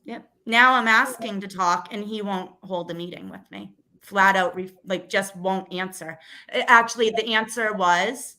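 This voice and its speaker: A woman in her thirties or forties speaks at normal speed in a medium-pitched voice that is pushed and bright. A school committee candidate, she tells a personal story as a guest in a casual interview, earnest and emotional, with frequent restarts.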